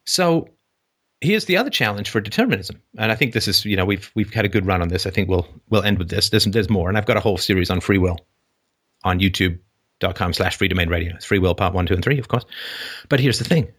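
A low-pitched man hosting a casual call-in show. He rambles through ideas, acts out little scenes in different voices and laughs at his own jokes. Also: animated, fast talker, a bit bright. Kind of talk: casual philosophical call-in talk.

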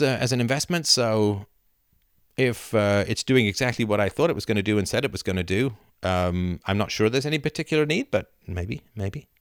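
A middle-aged man hosting a live video chat, reading viewer comments aloud and riffing with animated laughter. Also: fairly low pitch, dry recording, studio quality. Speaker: livestream host answering chat. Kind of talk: casual live-stream chat. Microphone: camera and mic on a live video chat.

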